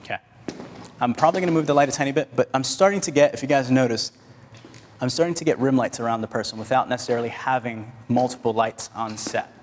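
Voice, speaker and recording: A man's voice: mid-range voice, fairly even intonation, fast talker. A man teaching photography at a live workshop, chatting with the audience and directing his assistants while he shoots. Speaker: photography instructor. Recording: hall reverb, faint noise.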